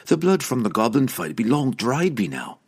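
A man's voice: mid-range voice, sing-song, moderate pace, husky, pitched above the performer's own voice. A man voicing a proud young woman warrior who speaks grimly and tersely in a storybook reading. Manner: grim, terse.

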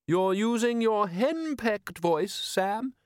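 A man's voice: high-pitched, animated, takes it slowly, clean tone, voice pushed up. A man voicing a bossy, affectionate upper-class wife who coaxes like a schoolmistress. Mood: coaxing bossy. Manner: coaxing, schoolmistress-like.

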